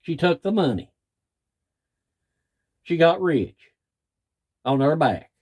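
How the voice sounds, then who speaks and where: A man's voice: on the high side, very animated, slow, a little mellow, breathy edge. A middle-aged man, a cattle farmer ranting in plain, folksy, angry talk. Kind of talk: frustrated rant to camera.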